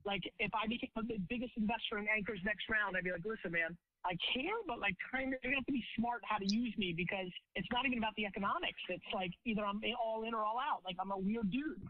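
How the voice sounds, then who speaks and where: A man's voice: high voice, fast talker, few pauses, no echo. A man giving an interview as a podcast guest, emphatic and often repeating words as he starts a thought. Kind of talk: animated interview talk. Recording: phone-like dry playback.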